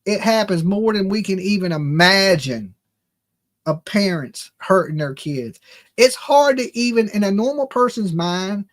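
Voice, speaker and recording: A man's voice: sits high, lively intonation, measured pace. Blunt opinionated middle-aged man. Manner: blunt, opinionated, talks straight to chat. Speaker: true crime livestream host. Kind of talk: casual livestream commentary.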